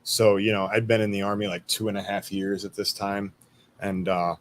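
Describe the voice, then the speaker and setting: A man's voice: on the low side, flat delivery, moderate pace, slight background noise. Laid-back man telling army stories. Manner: laid-back, swearing, laughing at his own stories. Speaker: guest, army veteran. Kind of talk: casual storytelling interview.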